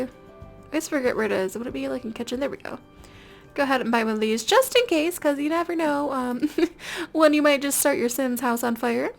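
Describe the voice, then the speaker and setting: A young woman talks through her life-sim game in a loose, casual way. Her voice sits high with a gravelly fry, and she giggles and rambles, dropping fillers as she goes. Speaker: gameplay video host. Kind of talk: casual let's-play commentary.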